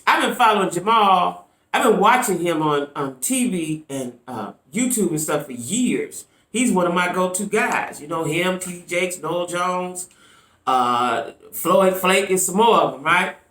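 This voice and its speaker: A woman giving casual commentary on her vlog, chatty and animated, often tossing in "right?" asides. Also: fairly low pitch, measured pace, echoey room. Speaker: YouTube commentator.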